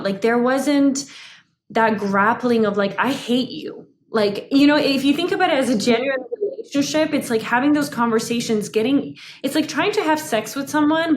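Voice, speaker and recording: A psychotherapist in her thirties, with a slightly high voice, is a guest in a conversational interview. She's animated, laughs often, and uses "like" as a frequent filler.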